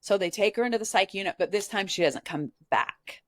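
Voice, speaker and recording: With a mid-range, slightly bright voice, a Nebraska woman speaks a little fast as a podcast guest, sharing a personal story openly and sincerely while saying "like" a lot. The studio recording is clean, with no echo.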